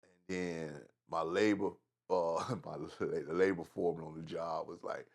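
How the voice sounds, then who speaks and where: A middle-aged man from Atlanta tells stories in a relaxed interview. His voice is gravelly and fried at the edges, with a Southern accent. He swears freely and his delivery is animated. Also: low voice, normal speed. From Atlanta, Georgia. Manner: animated storyteller, profane, drawling asides. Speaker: guest rapper. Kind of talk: casual storytelling interview.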